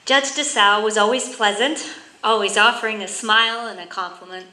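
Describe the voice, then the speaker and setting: A woman, a county official, giving a prepared tribute speech in a measured, formal way, reading from notes. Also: medium pitch, steady tone, pushed and bright, echoey room, low-quality recording.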